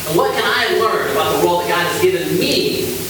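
Male preacher, measured, high and fast, distant and roomy with hiss. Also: lively intonation. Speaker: pastor. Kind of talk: sermon. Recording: distant, very echoey hall with hiss.

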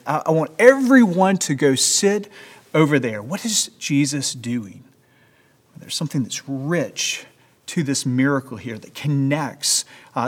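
Man preaching with a long hall reverb. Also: fairly high pitch. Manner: earnest, emphatic preaching with rhetorical questions. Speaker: pastor. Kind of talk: sermon.

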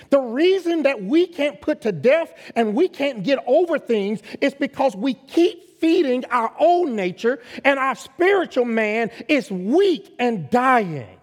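A man preaching a sermon as a guest pastor, emphatic and calling for responses from the congregation, rising to loud exhortation. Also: very high voice, sing-song, a little slow, few pauses. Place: church sanctuary. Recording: long reverb of a large hall.

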